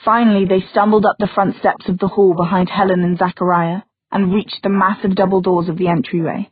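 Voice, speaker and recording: A woman audiobook narrator reads a fantasy novel at a brisk, steady, even pace in a slightly husky, middle-pitched voice. The sound is dry with no echo and narrow, like it came through a phone line.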